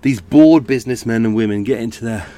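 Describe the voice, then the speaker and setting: This middle-aged man sounds tired as he hosts a podcast indoors at home, his casual chat wandering and full of self-corrections. He speaks fast in a warm, medium-pitched voice.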